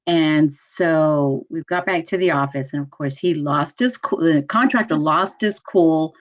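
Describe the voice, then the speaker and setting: A middle-aged woman in code enforcement, telling a work story in a panel talk, animated and laughing often. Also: sits low, measured pace. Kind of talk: panel discussion, personal story.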